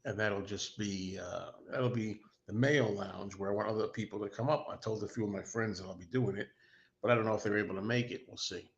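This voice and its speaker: A man's voice: lowish voice, steady tone, a little fast, creaky, lo-fi sound. Rambling man hosting a chatty stream. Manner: rambling, self-deprecating, enthusiastic fan. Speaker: host. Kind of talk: casual livestream chat.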